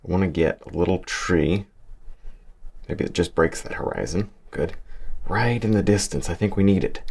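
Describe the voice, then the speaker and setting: Brief: male painting teacher, very low gravelly voice, easygoing and encouraging, chuckles between steps. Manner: chatty, encouraging, chuckles often, talks while working. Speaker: painting instructor. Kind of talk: relaxed painting tutorial.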